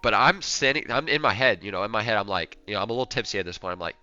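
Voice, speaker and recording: A man's voice: on the low side, rapid-fire, dull audio, faint music behind. Young man rambling through a story. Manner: rambling, animated, acts out quotes. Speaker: streamer. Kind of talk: casual storytelling.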